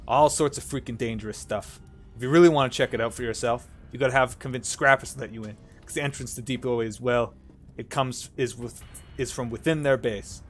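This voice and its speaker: A man's voice: mid-range voice, fairly quick, soft background music, lightly acted. A man voicing a blunt, matter-of-fact female junk merchant with a put-on Southern accent. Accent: put-on American Southern.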